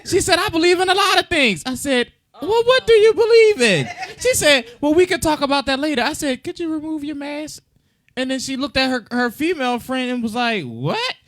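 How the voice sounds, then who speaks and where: A man's voice: very high voice, brisk, no room sound. A middle-aged man co-hosting a podcast, telling stories in a casual chat and acting out the voices of the people in them. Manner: animated storyteller, acts out dialogue, laughs often. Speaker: podcast co-host.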